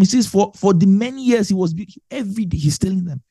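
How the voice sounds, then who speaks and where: A man teaching a sermon, emphatic and animated, hammering home key phrases by repeating them. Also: high voice, fairly quick, hardly any pauses, dry recording, clean studio sound. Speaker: Bible teacher.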